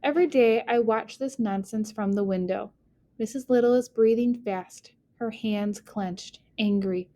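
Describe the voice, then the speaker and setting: Expressive woman reading an audiobook. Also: fairly high pitch, a little slow, no echo. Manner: expressive, shifting pace with the story. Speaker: audiobook narrator. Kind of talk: first-person audiobook narration.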